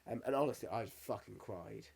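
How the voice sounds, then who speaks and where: A man's voice: fairly low pitch, normal speed, creaky, darkish tone, slightly rough. A man in his thirties, co-hosting a podcast in casual chat, candid and sweary, getting emotional as he tells stories. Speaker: podcast co-host.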